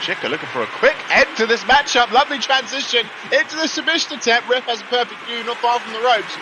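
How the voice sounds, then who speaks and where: A man's voice: very high voice, animated, fast talker, noisy background. A young man commentating a wrestling game live on a stream, chatty and greeting viewers between calls. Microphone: laptop mic. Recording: music playing behind. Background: music.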